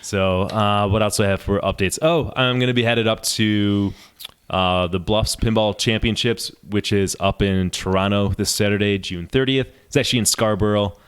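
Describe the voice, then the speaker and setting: Casting note: low-voiced male podcast co-host, animated storyteller. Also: moderate pace, clear, resonant tone. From New York State. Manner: animated storyteller, laughs through his stories. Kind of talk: casual podcast chat.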